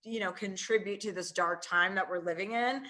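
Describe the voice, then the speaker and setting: A woman in her forties speaks with a bright, forceful tone as a guest on a remote interview call. Her talk is candid and loose, with plenty of fillers as she works through her thoughts, at a mid pitch. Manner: candid, fast-moving, heavy use of fillers like "you know". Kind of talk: casual conversational interview. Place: remote, on a call from a ski trip.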